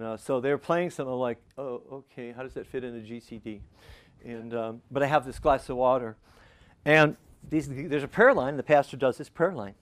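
An older man delivers a sermon as a personal story. His pitch sits in an ordinary middle range, and he talks to the congregation casually, jumping into the voices of the people he quotes. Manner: conversational, animated, acts out quotes. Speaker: pastor.

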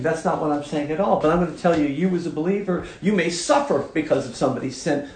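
A man preaching with fervent, emphatic force, his voice sitting a little higher than most men's. The sound rings around an echoey room. He presses his points hard and keeps building intensity. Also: fast, few pauses, a little mellow. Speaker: pastor. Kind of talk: sermon.

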